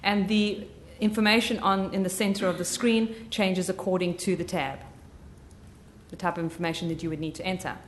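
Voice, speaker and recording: A woman with a slight Southern US drawl giving a live software training, chatty and full of ums and self-corrections. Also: lowish voice, steady tone, moderate pace, slight background noise.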